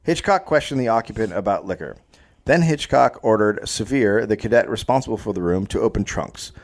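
A comedy podcast host reads a history story aloud, then breaks off to riff and joke using silly voices. His voice is lowish and expressive, and he talks fairly quickly.

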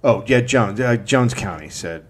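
A man's voice: fairly low pitch, animated, unhurried. A man co-hosting a comedy history podcast, reading quotes from his notes and breaking off into profane asides. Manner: profane, reads quotes from notes then riffs.

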